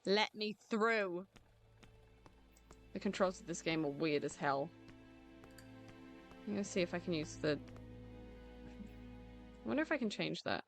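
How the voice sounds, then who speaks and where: A woman's voice: fairly low pitch, expressive, measured pace, long pauses, soft background music. A woman chatting casually as she streams a video game, often confused and laughing. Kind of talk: casual let's-play commentary.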